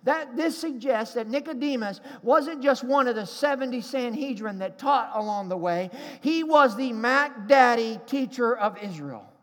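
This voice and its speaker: A man's voice: very high voice, animated, measured pace, few pauses, long reverb tail. A pastor preaching a sermon to his congregation in a church, emphatic and calling for responses.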